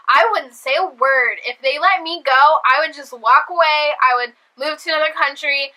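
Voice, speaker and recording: Bright-voiced chatty young woman. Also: sits high, normal speed, hardly any pauses, low-quality recording. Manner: chatty, animated, many fillers, acts out her reactions. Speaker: vlogger reviewing a TV episode. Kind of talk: casual chat.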